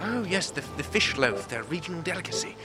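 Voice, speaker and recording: A man's voice: fairly high pitch, big pitch swings, a little fast, over music. A man playing a badger-headed adventurer in a comedy audio drama, with a joking, breezy manner. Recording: noisy background.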